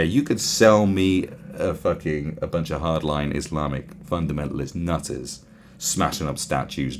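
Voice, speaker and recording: A man's voice: extremely low pitch, slight background noise. A man hosting a talk show, ranting sarcastically and with a lot of swearing, and sometimes mimicking other people. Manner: sarcastic, profane, mimics voices. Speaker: podcast host. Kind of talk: ranting monologue.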